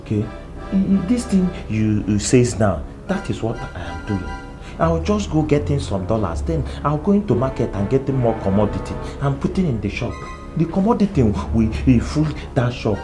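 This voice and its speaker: A woman's voice: a bass voice, sing-song, normal speed, music in the background. A woman plays a shop owner who speaks broken English and stammers as she pleads. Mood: pleading. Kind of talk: film drama acting. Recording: film audio with loud score.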